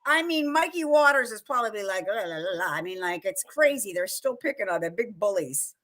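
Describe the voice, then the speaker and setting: Bright-voiced woman chatting casually. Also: a little high, brisk. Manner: animated, quotes movie lines and laughs often. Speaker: co-host. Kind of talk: casual fan chat. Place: live online show.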